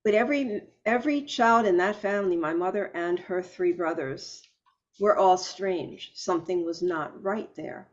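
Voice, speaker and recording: Thoughtful woman host, dull lo-fi audio. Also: fairly low pitch. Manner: thoughtful, personal, a bit halting. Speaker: podcast host. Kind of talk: reflective interview talk.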